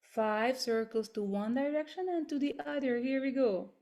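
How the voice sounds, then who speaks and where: A woman leading a voice workshop over a video call, gently coaching step by step through exercises in English that is not her first language. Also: sits high, normal speed. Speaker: voice workshop leader. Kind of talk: guided voice and body exercises.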